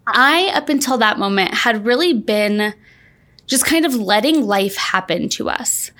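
Upbeat woman podcast host, higher voice. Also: animated, unhurried, fairly bright tone. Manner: upbeat, chatty, frequent "like" and laughs. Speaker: podcast host, launch coach. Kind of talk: personal storytelling podcast.

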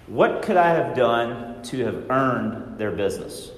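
A man giving a training talk to real estate agents in a large room, lively, often acting out worried inner voices. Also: mid-range voice, unhurried, echoey room, long reverb tail.

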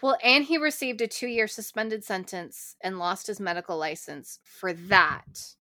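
A woman's voice: medium pitch, a little slow, bright, forceful tone, no echo, clean studio sound. A woman co-hosting a casual podcast, going through her notes in a blunt, offhand way. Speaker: podcast co-host. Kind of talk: casual chat.

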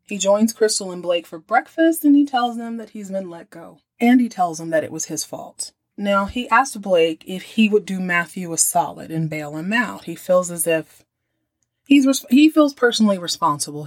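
A woman's voice: medium pitch, expressive, moderate pace, no room sound. A woman, hosting a podcast and recapping a TV episode in a chatty, opinionated way. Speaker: podcast host.

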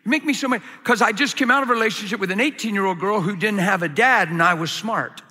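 A bright, fairly high-voiced man preaches a sermon in a big hall, his words ringing with a long reverb. He tells his story with lots of drama, jumping from loud shouts to hushed asides in front of a live audience. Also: quick pace, husky. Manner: animated storytelling, swinging from loud shouts to low quiet asides. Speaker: pastor.

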